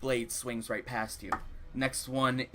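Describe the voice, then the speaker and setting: A young man narrating as dungeon master, describing the fight in lively detail and calling for rolls. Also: mid-range voice, slow pace, over music. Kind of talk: narrating a tabletop game.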